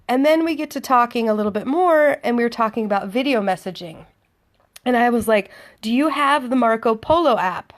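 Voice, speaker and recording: A female vlogger with a slightly high, expressive voice talks a little fast as she relates a dating story. The monologue is chatty and sardonic, and she acts out both halves of the exchange.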